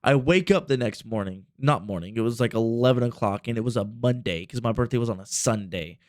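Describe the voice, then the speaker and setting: A man's voice: medium pitch, fairly quick, no echo, clean studio sound. A man in his twenties telling a rambling, profane story on a casual podcast. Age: 20s. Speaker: podcast host.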